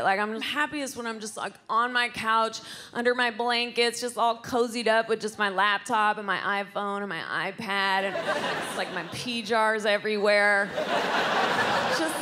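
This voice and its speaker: A woman's voice: fairly high pitch, a little hiss or hum. A woman performing a rambling, self-deprecating stand-up set on stage in front of a live audience. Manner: rambling, self-deprecating, with loud put-on voices. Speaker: stand-up comedian. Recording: live crowd recording. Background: audience laughter.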